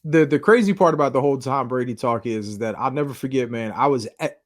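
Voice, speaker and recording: A man co-hosting a podcast who tells long, animated stories and acts out what his friends said. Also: medium pitch, quick pace. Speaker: podcast co-host. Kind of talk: casual storytelling chat.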